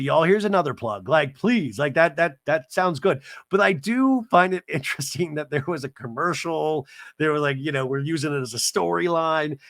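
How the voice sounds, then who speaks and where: A man hosting a podcast, recapping a reality show with rapid, sarcastic asides. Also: fairly high pitch, fairly bright tone, dry recording, clean studio sound. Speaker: podcast host. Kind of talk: comedic TV recap.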